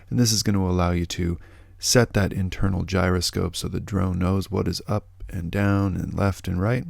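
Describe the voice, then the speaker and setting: A middle-aged man hosting an outdoor vlog, talking in a relaxed, upbeat, chatty way. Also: low-pitched, creaky, no echo. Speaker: host of a foraging and hunting channel. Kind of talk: casual outdoor vlog narration.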